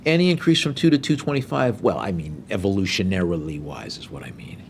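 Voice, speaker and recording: A middle-aged man working as an auctioneer, calling bids briskly with joking asides. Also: deep voice, very animated, vocal fry, slight background noise.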